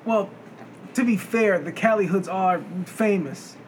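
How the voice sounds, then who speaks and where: A man's voice: high-pitched, a little slow. A man co-hosting a casual podcast, telling stories and bantering with a laugh. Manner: storytelling banter, laughs along. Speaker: podcast co-host. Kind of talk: casual chat. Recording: noisy background.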